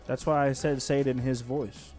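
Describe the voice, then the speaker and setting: A man's voice: medium pitch, level tone, normal speed, a little mellow. Guy on a pool stream, dry teasing, normal mid voice, light music behind. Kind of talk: casual live commentary.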